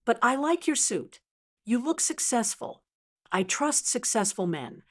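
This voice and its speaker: A woman putting on a booming Southern widow. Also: very animated, measured pace. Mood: coy. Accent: slight Southern US drawl, put on. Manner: loud, booming, flirtatious. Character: brash wealthy southern widow, older woman.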